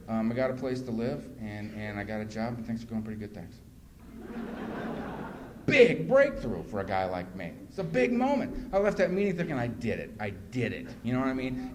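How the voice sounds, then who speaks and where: A man giving a personal testimony talk as guest speaker at a recovery meeting, acting out scenes with self-mocking humor. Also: a little high. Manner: animated self-mocking storyteller who acts out scenes. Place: meeting room. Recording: noisy live room recording.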